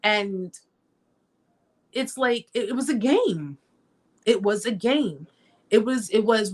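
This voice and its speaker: A woman's voice: mid-range voice, lively intonation, slow, pauses often. Woman live-stream host, emphatic, repeats herself, talks straight to viewers, middle-aged. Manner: emphatic and repetitive, often addressing viewers as guys. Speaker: host of a survivor support live chat. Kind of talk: emotional live-stream storytelling.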